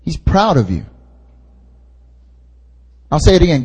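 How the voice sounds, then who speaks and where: A man's voice: fairly high pitch, sing-song, a little slow, darkish tone, slightly rough. A young man, an intern pastor, preaching at a prayer meeting in a casual, joking way, repeating his key points for emphasis. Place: church hall. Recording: long hall reverb.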